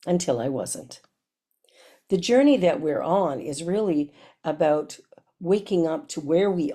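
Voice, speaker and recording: A woman's voice: fairly low pitch, mellow. A woman minister giving a reflective sermon that asks the listener many questions.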